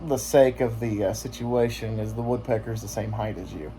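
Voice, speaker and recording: A man's voice: on the low side, moderate pace, noisy background. A man vlogging in casual chat, joking and rambling with lots of filler words.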